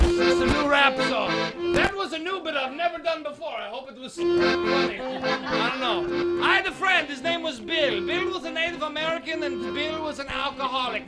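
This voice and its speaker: A man playing a brash one-eyed Frenchman comedian with a put-on French accent, loudly yelling one-liners at a small audience in a garage. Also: very high voice. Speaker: stand-up comedian. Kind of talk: stand-up one-liners with accordion. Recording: loud accordion playing under the voice.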